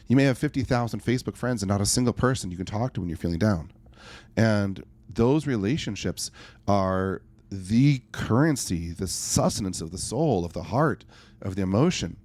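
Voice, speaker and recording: A man's voice: lowish voice, no room sound. A man, a life coach and podcast guest, talking emphatically and telling stories in a conversational interview. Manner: emphatic, animated storyteller.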